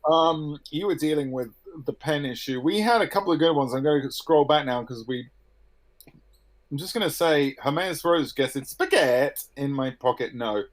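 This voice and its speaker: A man's voice: a little high, moderate pace. A man co-hosting a livestream, bantering playfully and reading out audience messages. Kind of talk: casual livestream chat.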